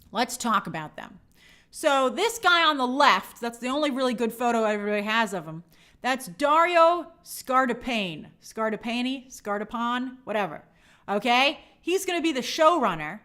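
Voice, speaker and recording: Animated sarcastic woman host. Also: a little high. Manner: animated, sarcastic, exasperated asides. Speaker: show host. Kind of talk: casual opinionated commentary.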